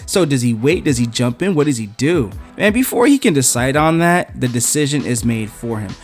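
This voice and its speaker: A man retells a comic book story in a casual, chatty way as a reviewer. His pitch swoops in an animated way, and faint music plays behind him. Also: moderate pace.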